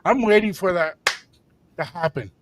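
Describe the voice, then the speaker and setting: A middle-aged man co-hosting a radio show, telling a story in a lively way and acting out the voices of the people in it. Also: sits high, moderate pace, background noise. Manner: animated, acts out quoted voices, mixes in Spanish phrases. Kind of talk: casual storytelling chat.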